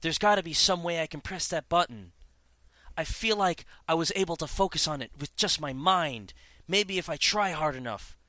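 A man's voice: on the high side, moderate pace, pushed and bright, no room sound, clean studio sound. A man imitating a confused male game hero with amnesia who talks aloud to himself. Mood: musing. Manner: contrived, talking aloud to himself. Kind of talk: mocking impression of game voice acting.

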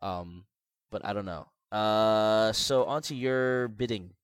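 A man's voice: takes it slowly, clear, resonant tone, no echo. A man chatting casually about video games as a podcast co-host, rambling with lots of restarts and filler words. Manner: rambling, many restarts and "like", animated pitch swings.

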